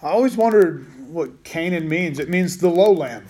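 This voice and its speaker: A man's voice: on the high side, expressive, normal speed, a little mellow. A man teaching a Bible study in a casual way, with rambling, joking asides.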